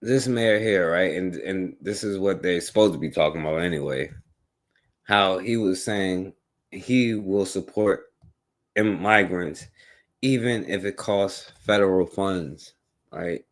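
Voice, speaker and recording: A man with a lowish voice hosts a talk radio show. He comments on politics casually and keeps tossing rhetorical questions at the listener. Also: unhurried. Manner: conversational, rhetorical, many "right?" and "you know what I'm saying".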